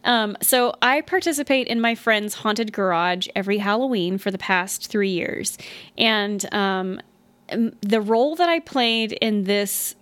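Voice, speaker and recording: A young adult woman co-hosting a podcast, telling stories in an excitable, rambling way. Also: mid-range voice, measured pace, clean tone, no room sound. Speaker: podcast co-host. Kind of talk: casual chat.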